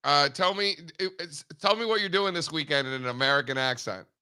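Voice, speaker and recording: A man hosting a live market show, brash and animated, swearing casually as he chats. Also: fairly high pitch, a little fast, smooth. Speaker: host. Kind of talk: casual livestream chat.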